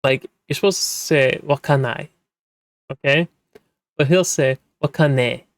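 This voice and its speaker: A man's voice: on the high side, normal speed, no echo. A man who works as a manga translator, talking casually and rambling with many fillers and restarts. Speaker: manga translator, podcast host. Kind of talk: casual explanatory talk.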